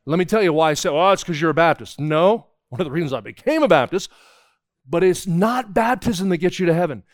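A man's voice: a little high, animated, brisk, no room sound, clean studio sound. A middle-aged man preaching a sermon, telling a childhood story and acting out the dialogue.

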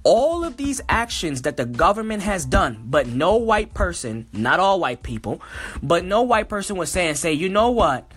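A man's voice: high-pitched, very animated, normal speed, fairly bright tone, faint music behind. A man giving impassioned solo commentary, reading passages aloud and breaking in with emotional, worked-up remarks that often repeat themselves. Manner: reads text aloud, then comments.

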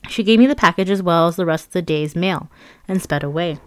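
Woman reading her own memoir, wry and chatty, lowish voice, super dry studio sound. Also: a little fast, clear, resonant tone, dry recording. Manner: candid, wry, conversational storytelling. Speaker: memoir narrator. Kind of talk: audiobook memoir narration.

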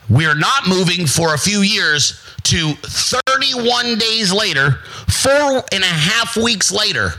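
An American man hosting his own show delivers a brash, profane motivational monologue, emphatic and repetitive, mocking others in put-on voices. His voice sits high with a sharp tone, and the recording is rough.

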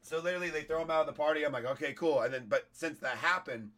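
A man with a hoarse voice, pitched a little high, spins a story as a comedian on a podcast. He talks casually and swears often. He acts out the people in the story as he goes. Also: fast talker. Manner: profane, animated storytelling with quoted voices.

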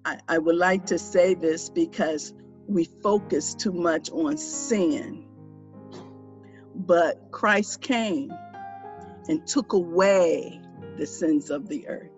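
Slow radio minister leading a prayer. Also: medium pitch, soft background music. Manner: slow, measured, prayerful delivery. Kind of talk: preaching and leading a salvation prayer.

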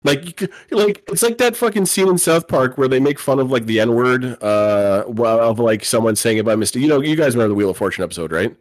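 A man's voice: medium pitch, fairly quick, few pauses, no room sound. A man co-hosting a casual podcast chat, rambling and swearing freely, now and then acting out mocking voices. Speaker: podcast co-host.

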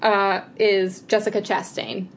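A woman co-hosting a podcast, chatting casually with a mid-range voice. She talks in quick bursts, full of fillers and restarts. A faint hiss sits under her voice. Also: medium pitch, little pitch movement, vocal fry. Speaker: podcast co-host. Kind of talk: casual chat.

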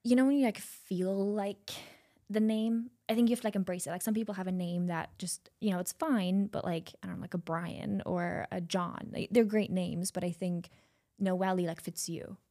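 A woman's voice: medium pitch, fairly even intonation, normal speed, mellow. A woman from Germany, hosting a casual podcast chat and telling stories in an encouraging way. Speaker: podcast host. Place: recording studio.

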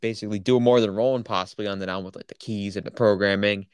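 A man's voice: lowish voice, steady tone, quick pace, clear, resonant tone, no room sound. Enthusiastic man on a podcast, very dry sound. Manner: enthusiastic, opinionated, lots of fillers. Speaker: podcast co-host. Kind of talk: casual chat.

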